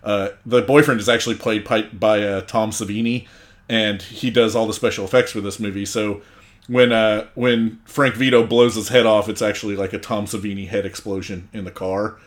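A man co-hosting a podcast, telling a film's story in a relaxed, casual way and swearing now and then. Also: on the low side, normal speed. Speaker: podcast co-host. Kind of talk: casual podcast chat, recapping a film.

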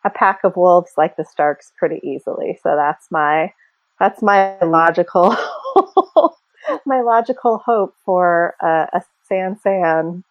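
A woman's voice: fairly low pitch, expressive, slow pace, no echo, highs cut off. A woman co-hosting a casual fan podcast, chatting and speculating freely, with many fillers and small laughs. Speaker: podcast co-host.

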